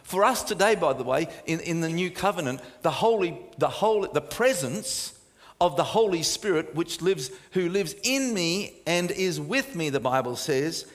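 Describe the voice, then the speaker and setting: Guy preaching in a big reverby church hall, fairly high voice, goes loud then drops to a soft hush. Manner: swings from loud emphatic preaching to soft hushed near-whispers. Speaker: pastor. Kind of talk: sermon.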